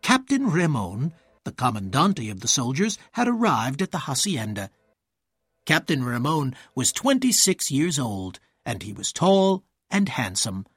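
A man narrating a story aloud in a clear, measured way, voicing each character in turn. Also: medium pitch, sing-song, fairly bright tone, no room sound, clean studio sound.

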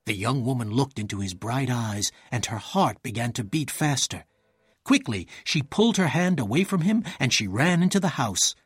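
A man reads a storybook aloud with a lively, rising and falling voice and a husky grain. His delivery is measured and clear, and the recording is dry and close. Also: mid-range voice, dry recording. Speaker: narrator. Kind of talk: storybook read-aloud narration.

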